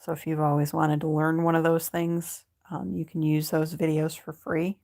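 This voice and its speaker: A woman hosting a casual crochet livestream, relaxed and chatty, reading viewer comments aloud. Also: deep voice, normal speed, gravelly. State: sleepy, yawning. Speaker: livestream host. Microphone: phone.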